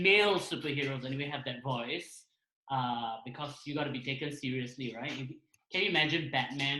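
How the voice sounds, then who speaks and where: A man's voice: a little high, echoey room, low-quality recording. A man with a Singaporean accent, a cartoonist hosting a kids' drawing session, explaining playfully over a video call. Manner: playful, animated. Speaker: cartoonist host.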